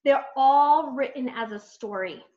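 A woman coaching new team members on a training call, chatty and animated, full of fillers and acted-out self-talk. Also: high voice, measured pace. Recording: muffled lo-fi call audio.

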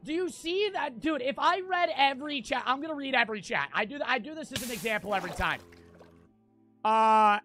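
A young man with an American accent, streaming a game live and talking to his chat, profane and quick to get frustrated. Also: very high-pitched, animated, bright, forceful tone, faint music behind. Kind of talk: casual livestream gameplay chat.

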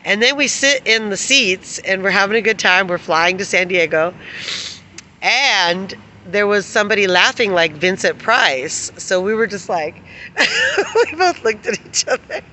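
Middle-aged woman, vlogger; rambling, giggly storyteller with a bright, forceful tone who swears freely. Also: mid-range voice, a little hiss or hum. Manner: giggly, laughs often while telling stories. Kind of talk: casual storytelling to camera.

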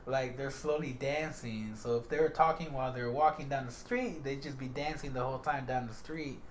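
A man hosting a casual podcast chat, animated and laughing often. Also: mid-range voice, moderate pace, a little hiss or hum.

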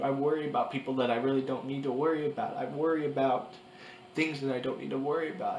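The camera mic catches a man in his early twenties weeping as he vlogs about something personal. He keeps restarting and repeating, his mid-range delivery flat and halting, while the room sounds echoey and a soft hiss runs behind him.

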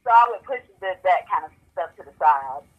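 A woman's voice: fairly low pitch, expressive, brisk, lo-fi sound. A woman guest in an interview, telling her personal story candidly with many stammered restarts.

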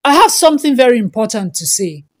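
A woman voicing a young wife who speaks calmly but firmly, at times pleading. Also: fairly high pitch, quick pace. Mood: earnest. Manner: calm but firm, pleading.

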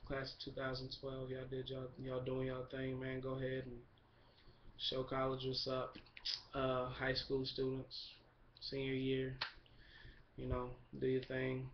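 A young man giving a relaxed, rambling video update, full of fillers and shout-outs. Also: medium pitch, a little slow, a little hiss or hum. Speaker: vlogger. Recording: dull lo-fi camera recording.

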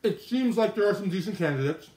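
This man's high-pitched voice is animated and fast, with a darkish tone, in a roomy-sounding indoor kitchen that has an oven and microwave. He's a livestream host eating on camera, chatting casually with his mouth full and answering viewers' comments.

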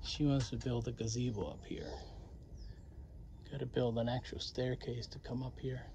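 A man casually narrating a walking tour of his garden and property outdoors, chatty and relaxed, saying y'all. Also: mid-range voice, normal speed, gravelly, background noise. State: winded near the end. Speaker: vlogger giving a garden tour.

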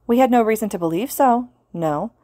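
A woman reading the lines of an unimpressed woman teacher who answers flatly and dismissively. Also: a little high, a little fast, no echo, clean studio sound, pitched above the performer's own voice, lightly acted. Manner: dismissive, matter-of-fact.

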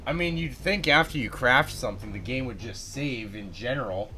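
A man's voice: medium pitch, expressive, normal speed, hardly any pauses, sharp tone, a little hiss or hum. Swearing man ranting over gameplay. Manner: profane, exasperated ranting with lots of repetition. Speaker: let's play gamer. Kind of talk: casual gameplay commentary. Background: game music.

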